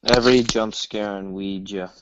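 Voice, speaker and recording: Man, casual movie chat, teasing, blunt, low voice, muffled lo-fi recording. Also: steady tone, normal speed, heavy background noise. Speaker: co-host. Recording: dull lo-fi recording.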